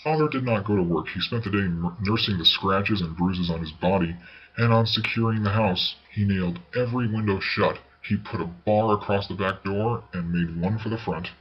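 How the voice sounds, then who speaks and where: A man reading a ghost story aloud as narrator, in a measured, unhurried way. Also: lowish voice. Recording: slightly dull recording with faint hiss.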